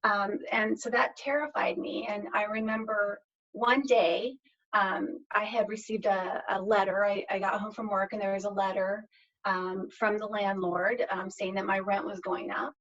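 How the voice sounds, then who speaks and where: A woman's voice: medium pitch, little pitch movement, moderate pace, fairly bright tone. Earnest middle-aged woman, slightly dull audio. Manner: earnest and reflective, often restarting phrases. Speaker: podcast guest. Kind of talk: personal storytelling in a podcast interview.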